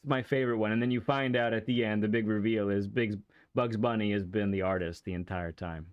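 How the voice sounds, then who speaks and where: A man's voice: on the low side, fairly even intonation, fairly quick, smooth, lo-fi sound. A man streaming a racing game, chatting casually and enthusiastically, rambling with many restarts and laughs. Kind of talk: casual livestream chat while playing a racing game.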